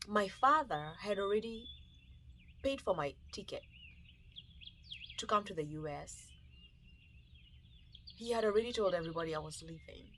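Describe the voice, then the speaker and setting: A woman with a Kenyan accent, telling an animated, emotional personal testimony and acting out the dialogue. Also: mid-range voice, a little hiss or hum. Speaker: storyteller.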